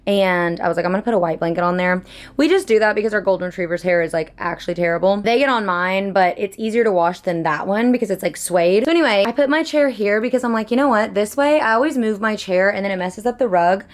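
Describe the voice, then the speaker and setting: A woman's voice: medium pitch, quick pace. Chatty young woman vlogging at home. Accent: Southern US. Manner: gushing, rambling, self-deprecating. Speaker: book vlogger. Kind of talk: casual chatty vlog. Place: home book room.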